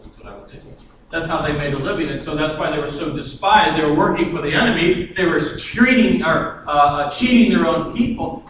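A man with a high voice preaches with plenty of life, slipping into little acted voices for the people in his stories. He sounds set back from the mic in a large, very echoey hall, with a faint room hum behind him. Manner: animated, acts out quoted voices, chuckles often. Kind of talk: sermon. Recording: echoey room heard from a distance.

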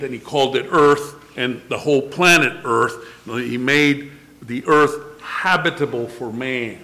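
Older male preacher, unhurried emphatic delivery, slightly raised pitch, rhetorical questions. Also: pushed and bright. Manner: reads scripture in old-fashioned wording. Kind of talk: sermon.

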